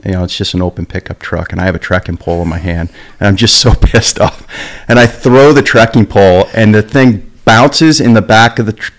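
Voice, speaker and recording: Deep-voiced man telling hunting stories. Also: a little fast, few pauses. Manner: animated storyteller, lots of "like" and "dude". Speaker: guest, veteran bowhunter. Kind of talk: casual podcast conversation.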